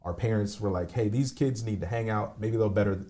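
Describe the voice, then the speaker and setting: A man in his forties, low in pitch and dark in tone, talks through a painful personal story as a podcast guest. He is candid and loose, rambling and swearing casually as he goes. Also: fairly quick. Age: 40s.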